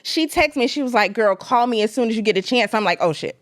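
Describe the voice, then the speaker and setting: A woman co-hosting a casual podcast, talking in a lively, reassuring way. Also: a little high, fast talker, no room sound, clean studio sound. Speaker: podcast co-host. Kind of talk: casual chat.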